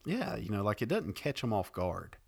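Male co-host, casual and animated storyteller, lowish voice, lots of pitch movement. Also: moderate pace, vocal fry, breathy edge. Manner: animated, rambling, laughs often. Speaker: podcast co-host. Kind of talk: casual chat, comic Bible retelling.

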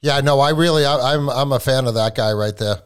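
A man's voice: medium pitch, brisk, clean tone. A man from New England hosting a podcast in casual chat, stammering through restarts and joking. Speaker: podcast host.

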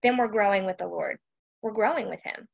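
A woman's voice: mid-range voice, a little fast, creaky, slightly rough, lo-fi sound. A woman from Texas, hosting a casual devotional live stream chat and often checking in with her listeners. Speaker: host of a faith chat.

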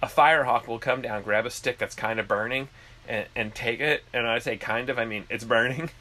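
A man co-hosting a podcast, telling animated, profane stories in casual chat. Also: mid-range voice, brisk. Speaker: podcast co-host.

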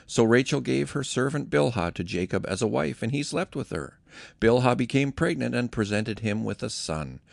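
Male reader, heavy vocal fry, lively delivery, dry close sound, scripture reading. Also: medium pitch, moderate pace, no room sound. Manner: lively, expressive storytelling. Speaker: Bible reader.

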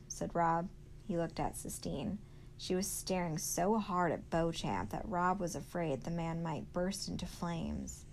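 A woman, a teacher, reading a novel aloud to her class in a steady storytelling manner. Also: fairly low pitch, unhurried, gravelly, poor audio.

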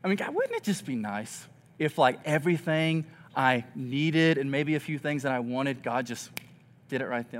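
A man preaching a sermon as a pastor, talking conversationally and acting out the complaints of grumbling people in an earnest, expressive way. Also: medium pitch, normal speed.

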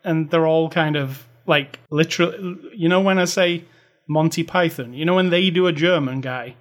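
Higher-voiced man, rambling movie chat. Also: moderate pace. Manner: rambling, hedges a lot with "like" and "you know". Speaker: podcast co-host. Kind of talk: casual movie review chat.

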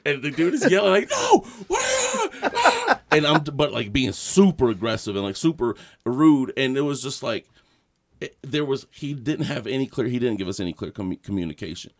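This podcast co-host talks fairly quickly in a medium-pitched voice while telling a wandering story in relaxed chat. Animated and frequently laughing, he swears a great deal.

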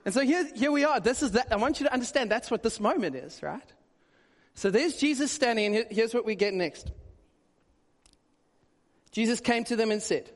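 A male pastor giving a conversational, animated sermon with quick asides. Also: very high-pitched. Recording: long hall reverb.

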